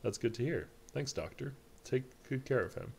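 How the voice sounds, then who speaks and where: A man's voice: medium pitch, animated, moderate pace, vocal fry, a little hiss or hum. A man reading the lines of a young falcon lawyer in a game in nearly his own plain voice, sounding flustered. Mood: worried. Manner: read aloud in a nearly plain voice.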